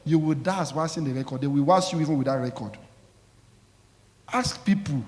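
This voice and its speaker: A man's voice: on the high side, animated, fairly quick, long pauses, darkish tone. A man preaching a sermon as pastor, emphatic and scolding, calling out questions for the congregation to answer. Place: church. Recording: echoey church hall.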